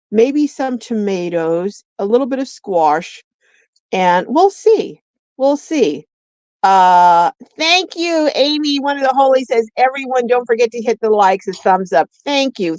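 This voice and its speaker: A woman's voice: mid-range voice, darkish tone, no room sound. A woman hosting a casual livestream chat, greeting viewers by name and reading their comments aloud. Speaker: livestream host. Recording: dull lo-fi dry sound.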